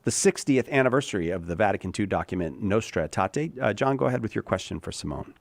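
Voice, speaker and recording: A man's voice: on the low side, lively intonation, fast talker, vocal fry, dry recording. A man hosting a call-in radio show, chatty, laughing often and trailing off mid-sentence. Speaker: radio host. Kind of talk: casual radio talk.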